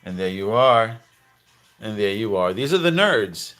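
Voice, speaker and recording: A man giving excited, slangy commentary over cartoon clips, repeating himself and calling out to viewers. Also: lowish voice, a little slow. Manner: hyped, slangy, repeats phrases, calls out "baby" and "fam". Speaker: crypto commentator.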